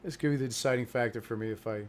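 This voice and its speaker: A man talking off the cuff on his own trading livestream. His voice sits at an ordinary pitch, and he swings between mumbled asides about his positions and loud, laughing bursts of profanity. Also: racing, slight background noise. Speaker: stock market livestream host. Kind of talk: casual trading livestream chat.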